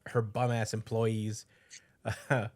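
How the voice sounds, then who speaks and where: A man co-hosting a podcast, casually recapping a chapter with lots of fillers and quick put-on quotes. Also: on the low side, level tone, a little mellow, a little hiss or hum. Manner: loose storytelling with fillers, voices quotes. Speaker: podcast co-host.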